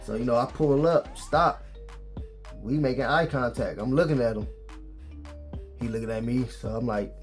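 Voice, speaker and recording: A man tells a story for his vlog in a casual, animated way, his exasperation showing. His voice sits at a middle pitch. Faint music plays behind him. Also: normal speed, pauses often. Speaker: vlogger.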